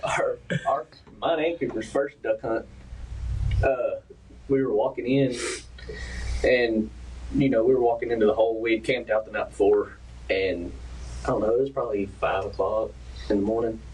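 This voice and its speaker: Man, unhurried, distant mic. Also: mid-range voice, steady tone, a little mellow, a little hiss or hum. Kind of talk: casual storytelling chat. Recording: distant mic with faint ambience.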